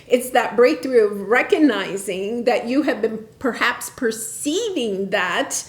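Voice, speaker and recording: A woman's voice: a little high, lively intonation, slow. Chatty woman reading tarot, echoey room. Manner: chatty, encouraging, checks in with "right?" and "okay?". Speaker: tarot reader.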